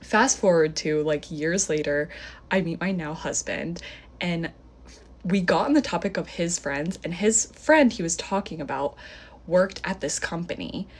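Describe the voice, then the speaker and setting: A woman's voice: fairly low pitch, expressive, unhurried. A young woman telling a casual storytime to her phone in a chatty, filler-heavy way, acting out what people said. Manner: chatty, filler-heavy retelling with acted-out quotes.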